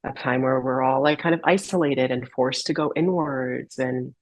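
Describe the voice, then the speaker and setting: Woman guest sharing her life story, earnest, searches for words, husky voice. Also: very deep voice, fairly even intonation, moderate pace, no room sound, low-quality recording. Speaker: podcast guest, holistic healer. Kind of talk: heartfelt personal story in a podcast interview.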